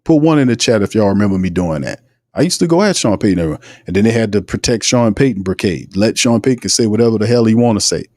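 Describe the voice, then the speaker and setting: Low-voiced sports podcaster ranting. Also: male voice, lively intonation, quick pace, darkish tone, no room sound, clean studio sound. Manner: heated, ranting, repetitive. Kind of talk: casual livestream commentary.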